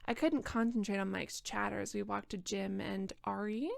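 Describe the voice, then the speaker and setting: Tipsy, sarcastic young woman with gravelly fry. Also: medium pitch, fairly even intonation, normal speed, no echo. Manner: sarcastic, rambling with restarts. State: tipsy from wine. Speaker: book reader and commentator. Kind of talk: casual reading and roast.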